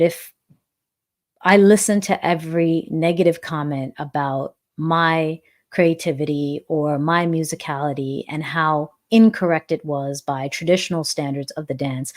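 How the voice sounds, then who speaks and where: A woman in her forties, a dance instructor, hosting a live-stream Q&A and answering chat comments in an earnest, reflective way, often repeating phrases for emphasis. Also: low-pitched.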